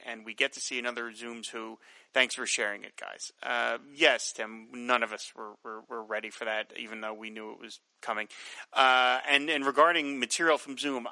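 A man co-hosting a casual podcast, reading listener mail with relaxed, dry jokes. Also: medium pitch, no room sound, low-quality recording. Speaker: podcast co-host.

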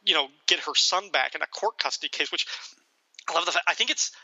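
A man talks through a movie with a co-host in a lively, casual way, laughing and slipping into quotes. His voice is bright and sharp, a little higher than most men's. The recording is dry and a bit dull. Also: fast talker, dry recording. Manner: animated, laughs often, acts out quotes. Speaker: podcast co-host. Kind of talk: casual film discussion.

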